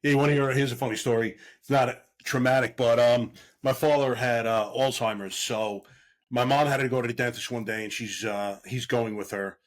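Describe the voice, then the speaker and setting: A middle-aged man with a voice of ordinary pitch, talking casually as a podcast guest. He is a longtime police officer who tells his stories with energy and jumps into the voices of the people he is quoting. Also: moderate pace. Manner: animated storyteller who acts out quoted voices. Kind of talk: casual storytelling.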